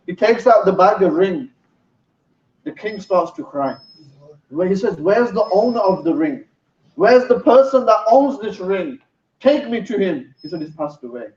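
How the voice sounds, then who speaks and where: High-voiced man preaching in a roomy hall. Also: darkish tone. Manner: storytelling, earnest. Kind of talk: sermon. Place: mosque hall. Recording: roomy, distant, dull sound.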